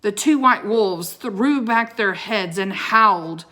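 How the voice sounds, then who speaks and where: A woman reading a children's book aloud with dramatic expression, pausing to show the pictures. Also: medium pitch, lively intonation, bright, forceful tone. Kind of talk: expressive read-aloud storytelling.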